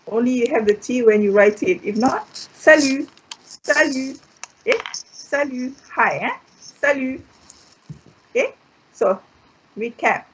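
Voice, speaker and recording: A Malaysian-accented woman runs a live online French class, saying each word again and again and checking in with "okay?". Her voice is husky and sits at a middling pitch. The sound is dull and lo-fi, typical of stream audio. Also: darkish tone. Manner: drills words by repeating them, checks in with "okay?"; switches into Malay phrases now and then. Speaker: French language teacher. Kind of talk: live online language lesson.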